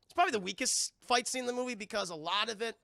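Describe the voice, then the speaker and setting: A man giving an excitable, profane live-stream film review, talking straight to his chat and acting out scenes. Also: very high voice, racing, vocal fry, dry recording, studio quality.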